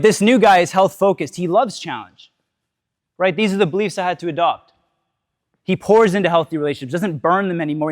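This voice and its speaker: A man delivering a motivational talk to a live audience in a slightly high voice. He tells his story candidly, swears freely, and keeps checking in with the crowd with "right?" The sound is dry and close. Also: dry recording. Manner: storytelling, often tags lines with "right?". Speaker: speaker giving a talk.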